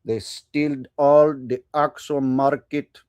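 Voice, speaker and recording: A man's voice: mid-range voice, flat delivery, takes it slowly, darkish tone, clear, resonant tone, dry recording, natural voice. A man putting on a hammy fake-accent narrator. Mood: mocking. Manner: exaggerated, clumsy put-on accent. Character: mock foreign-accented man narrating cartel news.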